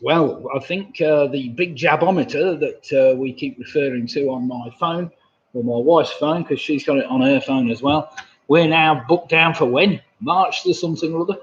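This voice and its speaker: A man's voice: a little high, normal speed. A man in his sixties from England hosting a live-streamed pub quiz, chatty and reading out viewers' messages with a laugh. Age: 60s. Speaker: quiz host. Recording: dull lo-fi home stream audio.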